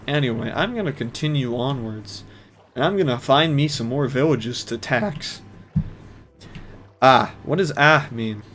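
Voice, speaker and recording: A man's voice: mid-range voice, a little hiss or hum. A man live-streaming a game, chatting casually with ironic, mock-pompous self-deprecating humor.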